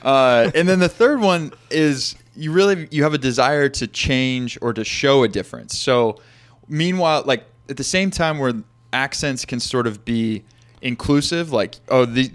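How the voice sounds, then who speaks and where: A man's voice: mid-range voice, normal speed. Rambling casual male podcast host. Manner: rambling, many fillers and restarts, asks questions. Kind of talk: casual conversational interview.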